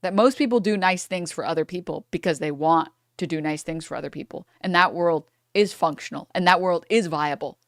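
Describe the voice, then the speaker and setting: A woman's voice: on the low side, brisk, hardly any pauses, dry recording, studio quality. A young woman streamer ranting angrily in a profane reaction commentary, breaking into laughter between outbursts.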